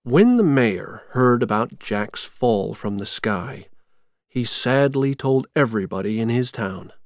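A man reading a storybook chapter aloud in a slow, measured, clear way. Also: mid-range voice, expressive, no room sound, clean studio sound. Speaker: narrator.

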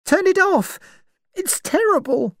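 Frightened young woman, high and crying out, voiced by a story reader. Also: expressive, slow, fairly bright tone, dry recording, studio quality, heavily acted. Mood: alarmed.

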